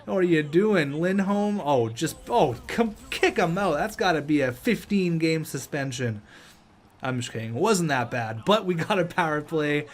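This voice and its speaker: A young man commentating his own video game match, joking and shouting when play gets tense. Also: fairly high pitch, normal speed, slight background noise. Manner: excitable, jokey, shouts at big plays. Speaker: gaming YouTuber.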